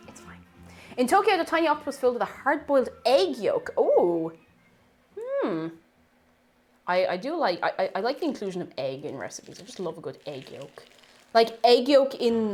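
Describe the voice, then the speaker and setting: A woman chatting casually with her live-stream chat while baking in her home kitchen, bubbly and reading out and answering messages. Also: medium pitch.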